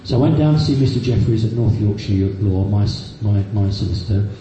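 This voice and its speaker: Man with a very dark voice in an echoey hall. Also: on the low side, a little fast. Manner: storytelling, frequent fillers and restarts. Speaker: speaker recounting personal experiences. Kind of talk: anecdotal talk to a live audience. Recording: very echoey hall, faint background noise.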